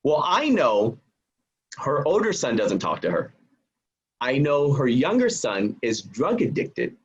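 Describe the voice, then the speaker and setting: A man guest on a podcast, telling a personal story in an animated way and acting out the voices of the people in it. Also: medium pitch, measured pace, slightly rough, dull audio. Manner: acts out quoted voices.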